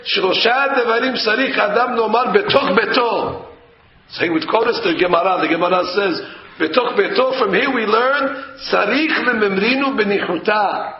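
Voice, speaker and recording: A man with a high voice delivers a lively Torah class, telling stories and acting out the people in them. The sound is echoey and dull, like a lo-fi room recording. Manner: animated storytelling, acting out a flustered husband. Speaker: rabbi teaching a Torah class. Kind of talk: sermon-style Torah class.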